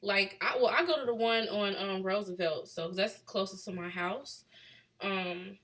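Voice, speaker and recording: Speaking at a medium pitch and measured pace with a slightly bright tone, a Chicago-accented young vlogger reads her live chat's questions aloud. She's from Chicago, USA, and keeps the conversation casual, laughing often.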